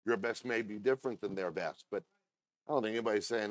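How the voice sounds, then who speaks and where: A man preaching a sermon as pastor, talking conversationally with asides to the congregation and reading scripture slowly and deliberately. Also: on the low side, no room sound.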